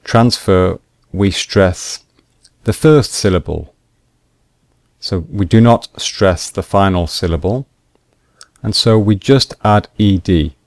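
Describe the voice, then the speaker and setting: A man teaching English grammar rules slowly and deliberately, repeating each point with examples. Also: low voice, darkish tone, dry recording, studio quality. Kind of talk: slow explanatory grammar lesson.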